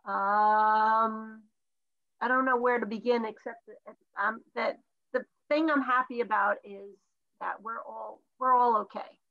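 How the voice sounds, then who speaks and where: A woman's voice: fairly high pitch, steady tone, measured pace, a bit bright, muffled recording. A woman co-hosting a podcast over a video call, stuffy-nosed and tired, telling a story chattily with many restarts. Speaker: podcast co-host.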